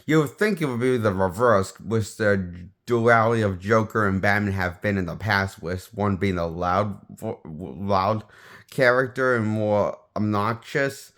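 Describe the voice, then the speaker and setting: A man with a fairly low voice talks through a film review in a loose, unscripted way. He often breaks off and restarts his sentences as he goes. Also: a little slow, fairly bright tone. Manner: rambling, restarts sentences, offhand opinions. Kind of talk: casual spoken movie review.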